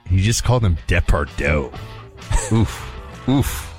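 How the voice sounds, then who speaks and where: A man's voice: deep voice, expressive, faint music behind. A man co-hosting a talk radio show, bantering in a wry, teasing way. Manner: wry, teasing, quick with jokes.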